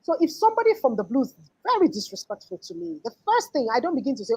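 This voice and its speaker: A woman's voice: high-pitched, big pitch swings, fast talker, gravelly, warm tone, poor audio. A woman in her forties giving an earnest, emphatic motivational talk as a life coach, often restarting her sentences.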